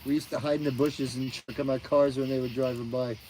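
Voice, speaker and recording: A man's voice: medium pitch, level tone, a little fast, mellow, a little hiss or hum, rough recording. A middle-aged man hosting a casual live stream outdoors at night, sleepy and yawning as he chats with viewers, crickets behind him.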